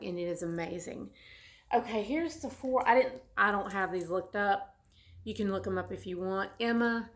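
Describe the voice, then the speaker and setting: Chatty woman rambling casually. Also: medium pitch. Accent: Southern US. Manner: chatty, rambling with frequent restarts. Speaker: beauty vlogger. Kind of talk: casual chat.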